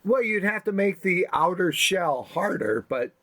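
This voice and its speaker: A man's voice: sits high, animated, unhurried, fairly bright tone. A man co-hosting a comedy podcast, chatting casually and easygoing, laughing along with his partner. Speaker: podcast co-host.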